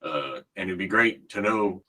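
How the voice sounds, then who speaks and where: Deep-voiced male player, quick talker. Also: lively intonation, pushed and bright. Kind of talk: casual tabletop game chat.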